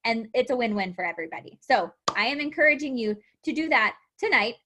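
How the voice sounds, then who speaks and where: A young woman gives a motivational live talk to her coaching team. Her voice sits a little high, and she stays animated, acting out quotes and laughing often. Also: fairly quick, noisy background. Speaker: fitness coach.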